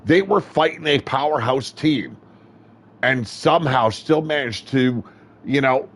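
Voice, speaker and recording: A man calling a wrestling match play-by-play, excitable and profane, often shouting. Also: mid-range voice, a little slow. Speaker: wrestling commentator. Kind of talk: play-by-play commentary.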